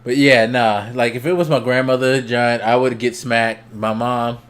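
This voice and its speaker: A young adult man streaming, telling a story casually, swearing freely and laughing as he goes, his voice jumping up when he gets excited. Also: medium pitch, normal speed. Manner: laughs between lines.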